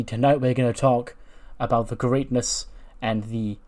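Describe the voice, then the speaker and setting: A man doing a hot-tempered male coach at a wrestling school, heard in a game let's-play. He lectures in a loud, pushy voice and bristles at disrespect. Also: mid-range voice, lightly acted. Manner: lecturing, then shouting and challenging.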